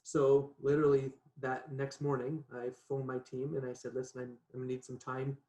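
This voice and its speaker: Male guest, mid pitch, animated casual storyteller, echoey video call audio. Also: moderate pace. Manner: chatty, animated, laughs often, says "right?" a lot. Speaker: podcast guest. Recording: echoey room.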